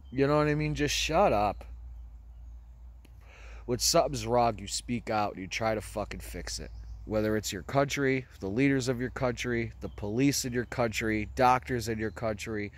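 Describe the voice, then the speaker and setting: A man's voice: mid-range voice, unhurried. A man from the United States vlogging in casual chat, talking loosely and swearing, with many fillers. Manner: casual, profane, many fillers like "you know".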